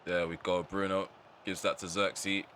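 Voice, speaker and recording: A man's voice: low-pitched, flat delivery, unhurried, sharp tone, a little hiss or hum. Frustrated man ranting over gameplay. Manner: exasperated, ranting about the match. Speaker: gaming channel host. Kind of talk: live gameplay commentary.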